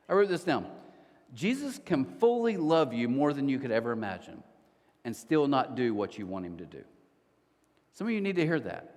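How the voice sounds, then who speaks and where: Male pastor, conversational sermon delivery, expressive and high-ish, big room reverb. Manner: conversational, animated storytelling with quick restarts. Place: church auditorium. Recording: church hall reverb.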